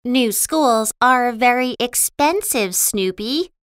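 A woman voicing an eager, headstrong young girl who talks with excited stubbornness. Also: fairly high pitch, takes it slowly, smooth, dry recording, clean studio sound, pitched above the performer's own voice.

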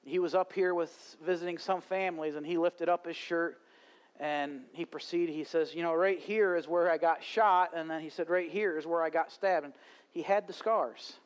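Guy preaching at a live church service, kinda high voice, tells his story then gets all fired up. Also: steady tone, normal speed. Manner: storytelling, rising to fervent preaching. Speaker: pastor. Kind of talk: sermon.

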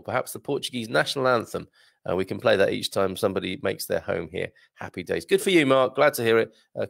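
A man's voice: fairly low pitch, vocal fry, dry recording, studio quality. A man hosting a casual livestream, reading out viewer comments, chatty and hesitant with lots of fillers and frequent laughter, his throat a little strained. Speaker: livestream host.

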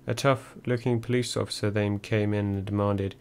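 An audiobook narrator, male, reads a first-person memoir in a low, steady voice that barely rises or falls. His delivery is measured and dry, with a faint hum beneath it.

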